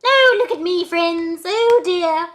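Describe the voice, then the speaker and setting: A woman voicing a theatrical posh woman in a British accent, with high, swooping, melodramatic exclamations. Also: slow pace, fairly bright tone, slight background noise, full character voice.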